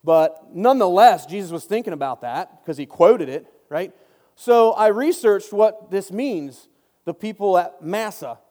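Man, casual Bible study, mellow tone, self-interrupting, long echoing reverb. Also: high-pitched, animated, measured pace. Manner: chatty, self-interrupting, joking asides. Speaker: Bible teacher.

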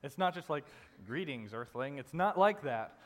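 A man preaching a sermon in a conversational way, dropping soft and low to stress a point. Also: lively intonation, normal speed. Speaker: pastor. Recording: long reverb in a hall.

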